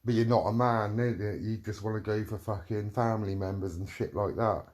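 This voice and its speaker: Angry man, low voice. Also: steady tone, a little fast, darkish tone. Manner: heated, profane, repetitive. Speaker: vlogger. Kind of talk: angry ranting monologue.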